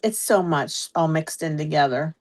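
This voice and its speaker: A woman's voice: low-pitched, moderate pace, darkish tone. Chatty Pittsburgh woman hosting a live stream. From Pittsburgh, USA. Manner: chatty, greeting viewers by name. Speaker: host of a live stamping stream. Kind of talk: casual live-stream chat.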